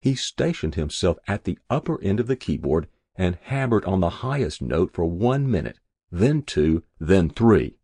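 A man's voice: sits low, big pitch swings, moderate pace, dark tone, husky, dry recording. A man reading a first-person story aloud in a wry, dry storytelling manner. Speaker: narrator. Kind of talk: audiobook narration.

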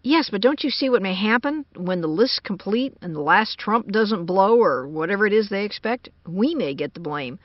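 A woman's voice: mid-range voice, animated, normal speed, hardly any pauses, dry recording, close to an everyday voice. A woman voicing a worried American engineer man who speaks urgently and uneasily, on a dull lo-fi recording.

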